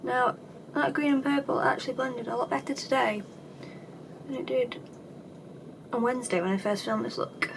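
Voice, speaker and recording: A woman chatting casually through a makeup tutorial, self-deprecating and dryly sarcastic, with her voice sometimes dropping low. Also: fairly even intonation, normal speed, vocal fry, long pauses, background noise. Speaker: beauty vlogger.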